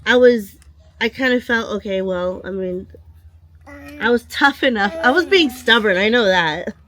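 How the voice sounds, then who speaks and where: A woman with a slightly nasal voice from a cold, talking casually as a vlogger and telling a story with many pauses and restarts. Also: on the high side, animated, a bit bright. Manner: hesitant, restarts and trails off. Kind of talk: casual chat.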